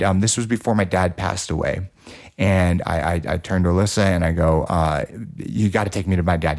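A man with a slightly low voice hosts a casual podcast conversation. He tells his stories loosely, swearing freely and leaning on fillers. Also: darkish tone. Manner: loose, profane, filler-heavy storytelling. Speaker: podcast host. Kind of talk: casual storytelling chat.

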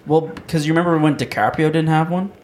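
A young man in a casual game chat, quick and matter-of-fact. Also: a little high, slight background noise.

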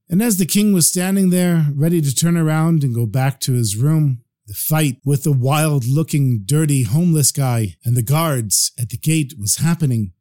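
A man telling a parable as a storyteller, in an animated, expressive way. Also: on the high side, normal speed, hardly any pauses.

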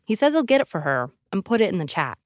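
A woman hosting a podcast, giving measured, dramatic scripted narration. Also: medium pitch, big pitch swings, dry recording, clean studio sound. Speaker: podcast host.

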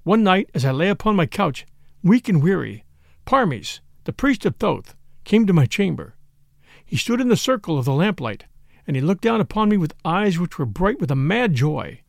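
Gravelly male narrator, lively and grave, close dry studio read. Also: high voice, moderate pace, no echo. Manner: grave, impassioned storytelling. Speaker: audiobook narrator. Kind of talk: dramatic first-person narration.

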